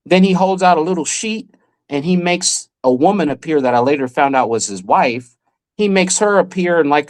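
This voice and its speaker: Animated storytelling man in his forties. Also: a little high. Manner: animated, vivid anecdote telling. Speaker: guest magician and former child actor. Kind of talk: casual podcast storytelling.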